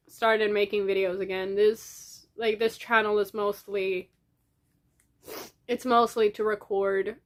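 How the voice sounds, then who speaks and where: Tearful young woman rambling to camera. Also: mid-range voice. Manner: rambling, halting, frequent restarts and fillers. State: tearful, crying. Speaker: vlogger. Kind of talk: casual diary vlog. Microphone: camera in front of her.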